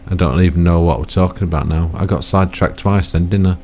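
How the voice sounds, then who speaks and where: Deep-voiced rambling man. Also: fast talker, darkish tone, a little hiss or hum. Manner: chatty, self-mocking, trails off with tag questions. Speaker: gaming YouTuber. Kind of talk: rambling gameplay commentary.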